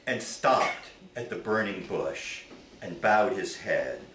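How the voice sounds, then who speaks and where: A man, a poet, giving a live reading of his poems on a theater stage in a measured, expressive way. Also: low-pitched, slight background noise. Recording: roomy theater, from far off.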